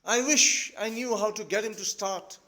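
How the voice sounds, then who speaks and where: An impulsive young daughter who wails and pleads, as a man reads her lines. Her voice runs high and carries loudly. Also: moderate pace. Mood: coaxing. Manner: wailing, pleading.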